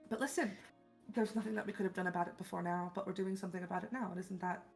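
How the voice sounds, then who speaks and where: Mid-pitched woman player, earnest and reassuring in character, light music bed. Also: fairly even intonation, rapid-fire, vocal fry. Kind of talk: in-character tabletop role-play.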